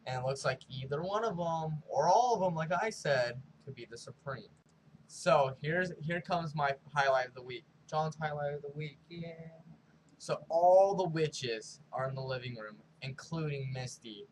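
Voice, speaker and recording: A man hosting his own review show, recapping an episode casually and excitedly, peppering his talk with "like" and spoiler warnings. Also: fairly high pitch, moderate pace, slight background noise, rough recording. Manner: animated storytelling full of "like" and spoiler warnings. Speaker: show host.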